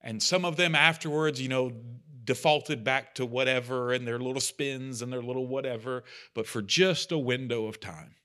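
A man's voice: mid-range voice, normal speed, few pauses, pushed and bright. A man leading a church study group, talking casually and earnestly, with self-deprecating asides. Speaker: bible study leader. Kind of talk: casual teaching talk.

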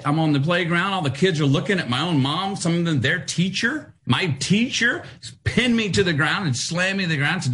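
A man in his fifties telling animated childhood stories as a guest, acting out the voices of people in them. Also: high-pitched, brisk. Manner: animated, acts out voices in anecdotes. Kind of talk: casual interview storytelling.

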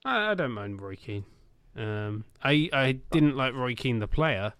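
An easygoing man co-hosting a casual football podcast, filling his sentences with hesitant ums. His voice is smooth and resonant at a medium pitch, and it sounds close and dry. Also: expressive, measured pace, a bit bright, no echo. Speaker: podcast co-host.

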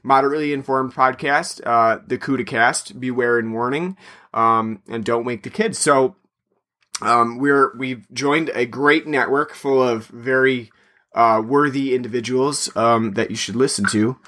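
A man's voice: medium pitch, a little slow, pushed and bright. A man co-hosting a podcast, talking casually in a chatty, meandering way. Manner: chatty and meandering, plugs the show. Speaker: podcast co-host.

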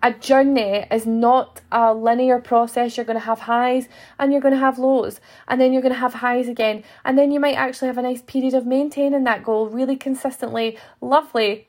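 A woman's voice: fairly high pitch, steady tone, brisk, a little mellow. A young woman, a fitness coach hosting her own podcast, talking earnestly to listeners and acting out little inner voices. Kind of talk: motivational podcast monologue.

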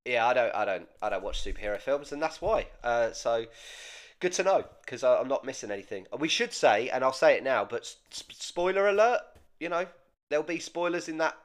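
A man co-hosting a casual comedic podcast, dry and low-key, firing off quick quiz questions. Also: animated. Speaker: podcast co-host.

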